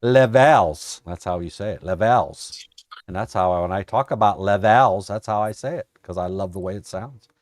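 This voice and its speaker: A man's voice: deep voice, fairly quick, no echo, studio quality. A man hosting a casual trading stream, joking and teasing his viewers. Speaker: trading coach host. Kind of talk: casual live-stream chat.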